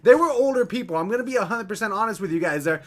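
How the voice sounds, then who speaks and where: A young man casually telling a story, chatty and animated, filling his talk with "like" and "right?". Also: sits high, racing.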